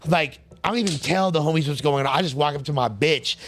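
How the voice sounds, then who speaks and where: A man's voice: a little high, fast talker, slight background noise. A man telling stories as an interview guest, in slangy, streetwise casual talk with lots of fillers, acting out the people he quotes. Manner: acts out the voices of people he quotes.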